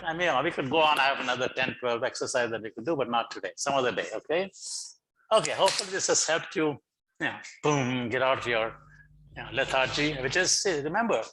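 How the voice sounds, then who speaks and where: A middle-aged man speaking over a video call as a guest speaker, coaxing his audience through a lively online session and often repeating words as he gets going. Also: mid-range voice, background noise. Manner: animated, coaxing, repeats words when starting. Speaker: guest speaker for teacher training. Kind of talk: online lecture leading laughter exercises.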